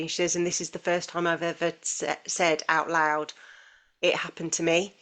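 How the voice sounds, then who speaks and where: A woman's voice: on the low side, completely flat delivery, moderate pace, fairly bright tone. A woman co-hosting a podcast in casual, earnest conversation, often restarting phrases and acting out quoted voices. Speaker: podcast co-host.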